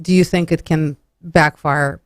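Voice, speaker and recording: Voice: medium pitch, fairly even intonation, measured pace, no echo. A radio show host interviewing a rabbi, asking polite questions with hesitant fillers.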